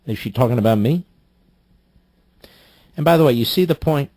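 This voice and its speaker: Brief: combative radio host, dry close studio sound, voice leaps up when outraged. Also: male voice, mid-range voice, lively intonation, normal speed, no room sound. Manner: indignant, mocking, sharp outbursts. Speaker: radio talk show host. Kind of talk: political talk radio commentary. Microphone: studio microphone.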